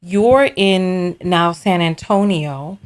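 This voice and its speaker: A woman's voice: on the low side, takes it slowly. A woman hosting an advice show, asking a caller direct, probing questions. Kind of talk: advice call-in conversation.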